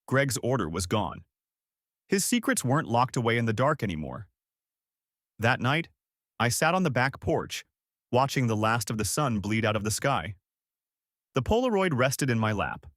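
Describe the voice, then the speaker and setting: A man reading a first-person story aloud as scripted narration, with dramatic, expressive delivery. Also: mid-range voice, normal speed, pauses often, no echo, studio quality.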